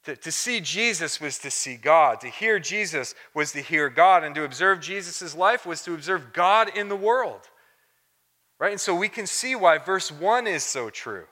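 Bright-voiced preacher in a reverberant hall. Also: male voice, a little high, expressive, moderate pace. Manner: earnest, emphatic, often adds "right?". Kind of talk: sermon.

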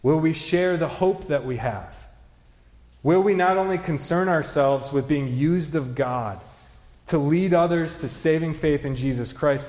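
A man's voice: on the high side, measured pace, a little mellow. Man preaching in an echoey hall. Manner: earnest, rising to emphatic questions. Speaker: pastor. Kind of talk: sermon.

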